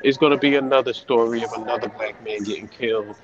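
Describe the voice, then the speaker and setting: A man's voice: medium pitch, steady tone, fast, crowd noise. A man on a call from near train tracks, speaking bitterly and sarcastically with rhetorical questions. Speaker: podcast co-host on a call. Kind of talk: casual podcast discussion. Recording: dull noisy call with trains.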